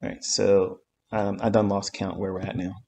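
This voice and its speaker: A man's voice: low voice, little pitch movement, normal speed, creaky, a little mellow. A man giving a live-streamed trading lesson, talking bluntly and emphatically, swearing often and repeating his points. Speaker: trading mentor.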